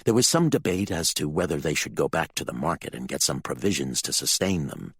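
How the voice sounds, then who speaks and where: A man narrating a fantasy audiobook with expressive, dramatic storytelling. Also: extremely low pitch, a little fast, breathy edge, dry recording.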